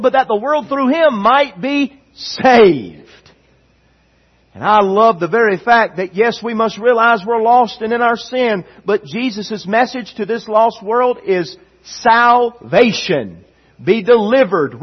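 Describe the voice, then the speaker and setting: A man's voice: extremely high pitch, husky, dull audio. A man preaching a sermon as pastor, with impassioned, repeated emphatic phrases.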